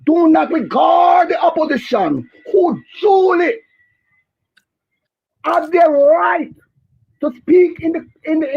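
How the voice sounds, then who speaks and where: A man's voice: extremely high pitch, husky. Fiery Jamaican man on a muffled call line. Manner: fiery, rising to shouts, repetitive. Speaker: caller. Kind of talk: impassioned political call-in.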